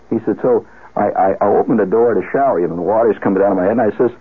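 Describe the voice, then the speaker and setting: Low-voiced man rambling through a funny story, lots of asides and restarts, sounds like an old broadcast through a phone line. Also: fast, husky. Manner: animated, with frequent restarts and asides. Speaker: radio storyteller. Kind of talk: rambling comic monologue.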